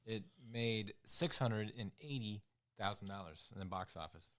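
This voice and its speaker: A man's voice: fairly low pitch, animated, normal speed, noisy background. A man co-hosting a podcast, laid-back, giving short reactions and reading movie facts from notes. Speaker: podcast co-host. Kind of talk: casual chat.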